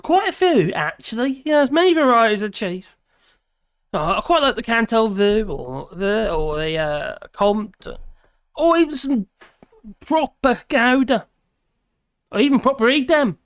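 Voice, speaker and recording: A woman's voice: a little high, expressive, measured pace, no echo. Woman, live stream chatter, tired, rambling and grumbly, dry close sound. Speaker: live streamer reading chat comments. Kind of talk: casual live-stream chat.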